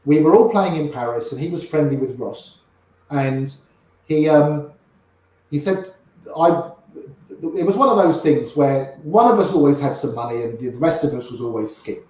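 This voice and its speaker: A middle-aged man spins casual, wry stories as an interview guest, his voice sitting a little high. He loops back and repeats phrases as he goes. The room around him rings with strong echo. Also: animated, moderate pace, a little mellow. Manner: chatty, wry, repeats himself while telling stories. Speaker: interview guest, poker player. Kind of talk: casual anecdotal storytelling.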